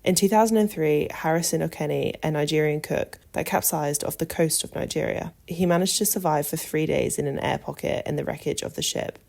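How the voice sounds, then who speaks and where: A woman hosts a podcast in a low voice with plenty of vocal fry. She reads a script in a calm, measured way and adds short personal asides. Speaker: podcast host.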